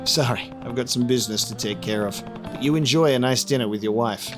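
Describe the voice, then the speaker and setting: A man's voice: mid-range voice, a little fast, music in the background, natural voice. A man voicing a stoic tough male brawler in a video game, speaking in short, clipped lines.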